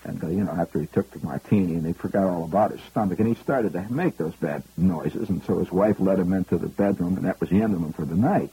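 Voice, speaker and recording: Brief: husky male monologist, mellow low voice, wry and rambling. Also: expressive, fast talker, dry recording, rough recording. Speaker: radio monologist. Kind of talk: comic storytelling monologue.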